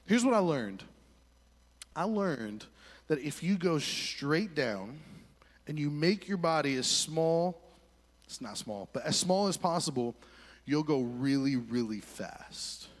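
A young man preaching, telling a lively story with voiced quotes in a church hall. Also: fairly high pitch, slow. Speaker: pastor. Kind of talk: sermon story. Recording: long hall reverb.

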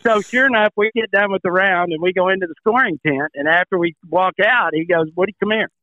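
A man's voice: high voice, fairly quick, no echo. Older man, former pro, folksy storyteller, tinny phone line, dry sound. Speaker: former tour pro, show regular. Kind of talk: casual storytelling on a sports talk show.

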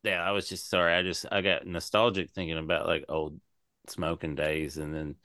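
A man's voice: deep voice, normal speed, clear, resonant tone, no room sound, clean studio sound. A man co-hosting a casual podcast, telling stories animatedly and riffing with jokes. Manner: animated storyteller, jokey riffs. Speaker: podcast co-host.

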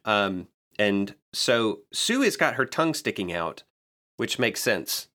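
Low-voiced man recapping in casual chat. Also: very animated, sharp tone. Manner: measured, recaps scenes and reads out lines. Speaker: podcast co-host recapping a manga.

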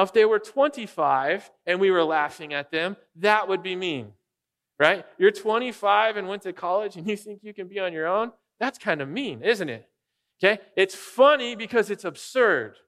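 A pastor, an adult with young children, gives a sermon in a high-pitched, fairly bright voice. He keeps the mood light and joking, often questioning the people in the pews.

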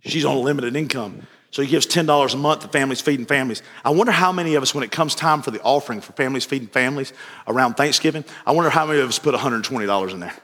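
A man preaching a sermon as pastor, telling stories and moving between quiet asides and raised fervor. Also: mid-range voice, very fast. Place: church sanctuary. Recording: church sanctuary with long reverb.

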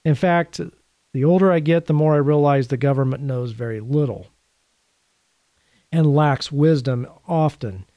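A man's voice: on the high side, a little slow, no room sound, muffled recording. A man presenting a Catholic teaching series, speaking in an earnest, conversational way with dryly sarcastic asides. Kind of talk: teaching talk to camera.

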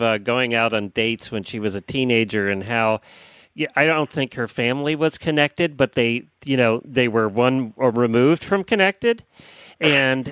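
A man hosting a relaxed podcast roundtable, chatty and teasing, laughing often between remarks. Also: mid-range voice, smooth, no room sound. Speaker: podcast host. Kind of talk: casual roundtable chat.

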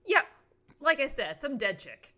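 A woman's voice: high voice, big pitch swings, unhurried, sharp tone. A woman co-hosting a podcast, chiming in with sarcastic jokes in casual chat. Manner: sarcastic, joking commentary. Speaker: podcast co-host.

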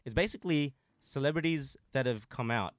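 A man's voice: mid-range voice, fairly quick, no room sound, studio quality. A man hosting a casual podcast chat among friends, jokey and prone to losing his train of thought. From Australia. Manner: lively, jokey, trails off mid-thought. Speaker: podcast host.

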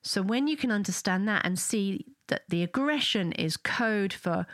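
A woman's voice: on the low side, moderate pace, few pauses, no echo, clean studio sound. A woman hosting a parenting show, chatting casually to listeners, asking tag questions and acting out what parents say. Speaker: parenting podcast host. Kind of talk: casual solo talk to listeners.

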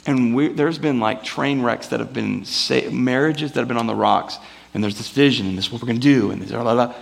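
Pastor guy giving a chatty sermon, gravelly voice, lots of "like"s, does little voices for his stories. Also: medium pitch, brisk. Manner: casual, rambling, acts out quoted voices. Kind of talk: conversational sermon. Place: church before a live congregation.

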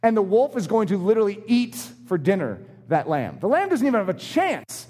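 A man's voice: sits high, brisk. A man preaching a sermon, acting out short voices in his illustrations. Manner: animated, acts out little voices in his illustrations. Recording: long hall reverb.

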